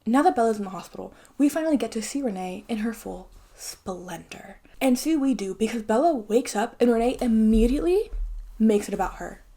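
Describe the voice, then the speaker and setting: A woman's voice: fairly high pitch, animated, fairly quick, dark tone. A young woman giving a casual, ranting video commentary, swearing freely and dropping into sudden whispers. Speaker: video essayist.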